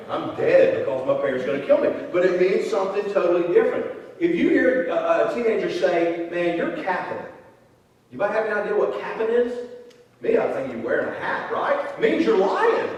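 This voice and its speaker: Folksy preacher in an echoey hall. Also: male voice, sits high, big pitch swings, brisk, a little mellow. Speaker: pastor. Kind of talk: sermon. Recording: echoey hall, distant mic.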